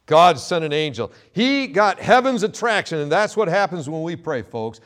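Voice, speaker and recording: Emphatic preacher man, fairly high voice. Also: expressive, moderate pace. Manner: emphatic, swings between loud quotes and quiet asides. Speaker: pastor. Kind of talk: sermon with scripture reading.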